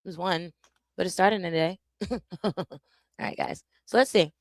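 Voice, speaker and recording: A woman content creator chatting casually and jokingly to her viewers on a live stream, animated and self-interrupting. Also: on the low side, normal speed, no echo.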